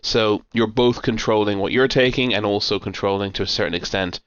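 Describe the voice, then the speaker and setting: A man's voice: fairly low pitch, brisk, clean tone, dry recording, lo-fi sound. A man co-hosting a board game podcast, chatting casually and rambling with lots of fillers and restarts. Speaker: podcast co-host. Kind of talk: casual chat.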